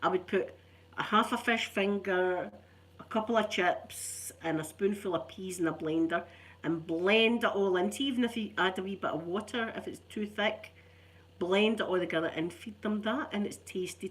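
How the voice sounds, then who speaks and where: A woman's voice: mid-range voice, normal speed. Scottish woman, middle-aged, rambling casual chat, self-mocking, middle-range voice. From Scotland. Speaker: ASMR channel host.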